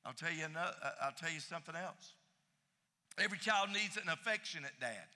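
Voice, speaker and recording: A man preaching a sermon, emphatic, repeating key phrases and swinging between loud and soft. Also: on the high side, lively intonation, fairly quick, long reverb tail. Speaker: pastor.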